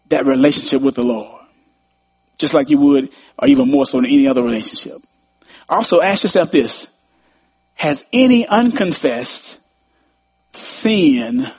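A man delivers a sermon with a slightly husky, somewhat high voice. He preaches in an animated way, repeating his phrases for emphasis and slipping into quoted voices as he makes his points.

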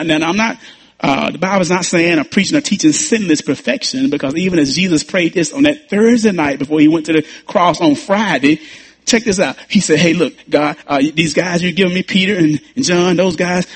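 Male pastor, higher voice, husky tone, emphatic sermon delivery with stammered restarts. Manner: emphatic preaching with repeated phrases and stammered restarts.

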